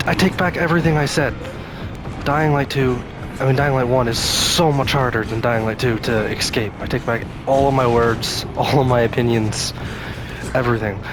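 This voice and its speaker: A man casually commenting on his own gameplay, rambling and talking to himself, with sudden scared outbursts. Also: medium pitch. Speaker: gaming YouTuber. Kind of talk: casual let's-play commentary.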